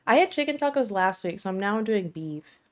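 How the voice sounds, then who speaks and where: A woman's voice: medium pitch, animated, fairly quick. An American woman chatting casually on a live stream, bubbly and self-deprecating, laughing often. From United States.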